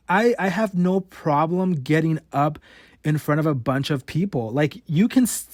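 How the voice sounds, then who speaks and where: Young man who stutters, higher voice. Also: expressive, normal speed, darkish tone, no echo, clean studio sound. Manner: stutters, repeats sounds and restarts words. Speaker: podcast host. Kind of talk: casual personal monologue.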